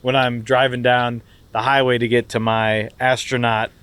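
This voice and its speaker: A man's voice: mid-range voice, level tone, normal speed, a bit bright, smooth. A man co-hosting a comedy podcast, riffing playfully in casual chat. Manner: playful, riffing on absurd tangents. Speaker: podcast co-host.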